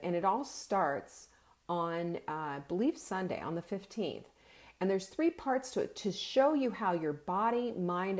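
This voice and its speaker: Woman host, casual live-stream chat, lowish voice, animated, lots of restarts. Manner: chatty and animated, with frequent restarts and self-corrections; breaks into laughter. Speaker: host of a nutrition and cooking show.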